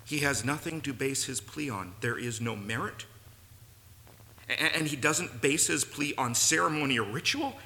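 Bright-voiced preacher in a reverberant church. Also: male voice, medium pitch, normal speed. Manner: earnest, rising to emphatic peaks. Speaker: pastor. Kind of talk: sermon. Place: church sanctuary. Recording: long reverb, faint room noise.

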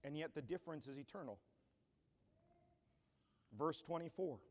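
A man's voice: fairly high pitch, moderate pace, pauses often. A man pastor preaching a sermon in an earnest style that builds to emphatic declarations. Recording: long church hall reverb.

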